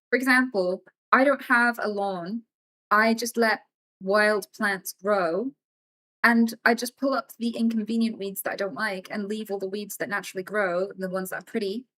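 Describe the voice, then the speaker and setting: Woman streamer telling a story. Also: medium pitch. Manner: emphatic and swearing, animated as she tells a story. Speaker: live streamer. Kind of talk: casual storytelling to a live chat.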